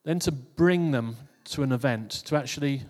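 A male preacher gives an informal sermon to his congregation, speaking conversationally and often repeating or restarting phrases. His voice is mid-range with a darkish tone, and he talks at a moderate pace. The recording has a long hall reverb.

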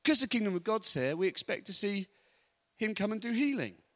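A man preaching, telling stories in a lively, anecdotal way and chuckling often. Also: sits high, fairly quick. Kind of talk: storytelling sermon.

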